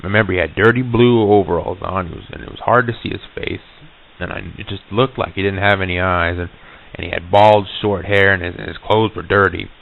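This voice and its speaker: A man with a very low, gravelly voice recounts an eerie encounter, halting and restarting as he goes. The sound is thin and phone-like, as if from an old reel-to-reel tape. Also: fairly even intonation. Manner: halting, full of restarts and stutters. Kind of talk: first-person storytelling.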